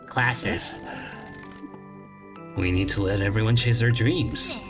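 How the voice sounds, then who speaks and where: Slow, deadpan male streamer. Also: mid-range voice. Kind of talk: reading game text aloud on a stream. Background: game music.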